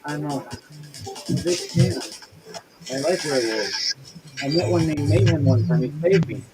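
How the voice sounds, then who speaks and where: An excitable young male elf child, as a man puts him on for a tabletop game. He chatters eagerly and squeals high when excited. Music plays clearly in the background. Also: a little slow, lightly acted, low-quality recording.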